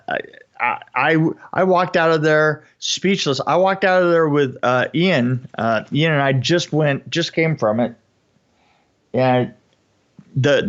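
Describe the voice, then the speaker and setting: A man co-hosting a podcast, speaking haltingly with many fillers as he reviews a film. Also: medium pitch, fairly bright tone. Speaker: podcast co-host. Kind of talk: casual film review chat. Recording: dull lo-fi audio.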